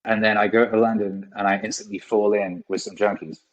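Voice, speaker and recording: Brisk and fairly flat in pitch movement, this man's voice runs on the low side and comes through a muffled recording. A forty-something musician, he's a podcast guest telling wandering, casual stories laced with frequent swearing.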